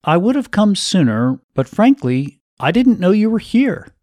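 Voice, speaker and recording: Man doing a brisk older woman, gossipy and bossy, pitched high above his own voice, very lively rise and fall, dry close sound, storybook reading. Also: no echo. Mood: chatty. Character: chatty older woman welcoming a newcomer.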